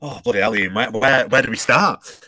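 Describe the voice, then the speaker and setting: A man's voice: mid-range voice, moderate pace, noisy background. A man on a podcast panel, ranting with exasperation and many stumbling restarts. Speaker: panel guest. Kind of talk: casual podcast panel chat.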